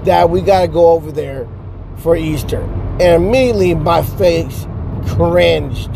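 Stuck in traffic with road noise in the background, a vlogger tells a rambling story from his car. His voice is a little high, a little slow, and creaky, and he curses a lot and stumbles over his restarts.

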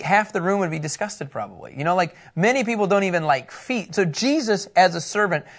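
A man teaching scripture to a live group in a casual, playful way, with quick asides and frequent laughter. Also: high-pitched. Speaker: pastor teaching a Bible study.

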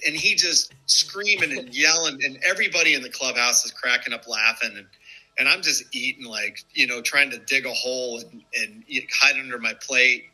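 A man's voice: normal speed, slightly rough, low-quality recording. A man in his fifties, a former ballplayer and podcast guest, telling stories casually and acting out the people he quotes. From United States. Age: 50s. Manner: animated, acts out quoted people with sharp jumps in pitch, lots of fillers. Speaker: former baseball player, guest. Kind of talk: casual storytelling.

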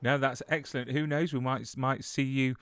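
A man hosts an interview, polite and effusive, tripping over his words now and then. His voice is mid-pitched and recorded dry with no room sound. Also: flat delivery, normal speed, a bit bright, dry recording. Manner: polite and effusive, stumbling restarts. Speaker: podcast host. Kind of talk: podcast interview.

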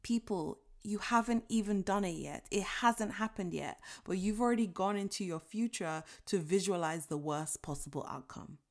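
A woman's voice: mid-range voice, normal speed, hardly any pauses. A woman in her twenties giving an inspirational talk, earnest and emphatic, emotional as she tells her story and acts out inner voices. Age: 20s. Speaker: motivational speaker. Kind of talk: inspirational speech.

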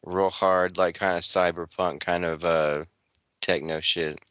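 A young man with a lowish, bright, forceful voice rambles through a casual podcast chat. He leans on filler words and tells things loosely. The sound is dry and close. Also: little pitch movement, a little slow, clean tone, no echo, highs cut off. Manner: rambling, heavy filler words, laughs often. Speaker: podcast co-host.

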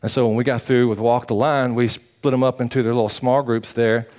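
Folksy pastor preaching. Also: male voice, medium pitch, brisk. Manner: animated, folksy, acts out quotes. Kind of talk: sermon storytelling.

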